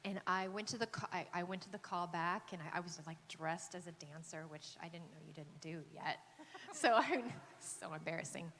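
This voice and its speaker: A Texas actress speaks on a panel in a large convention hall, her voice fairly low yet lively in intonation, with a fairly bright tone and a normal pace. She tells a casual anecdote hesitantly, full of fillers and restarts, and laughs often. The recording carries the echo of the convention hall and faint noise.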